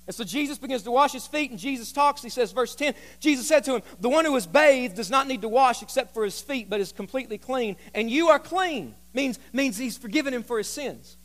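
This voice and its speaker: A man's voice: sits high, normal speed, fairly bright tone. A man preaching a sermon as pastor, reading scripture aloud and joking with the congregation on a microphone. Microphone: handheld microphone.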